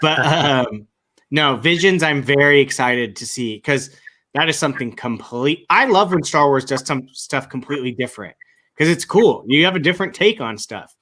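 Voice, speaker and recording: Male co-host, bright sharp tone, enthusiastic casual chat. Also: medium pitch, lively intonation, moderate pace. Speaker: podcast co-host.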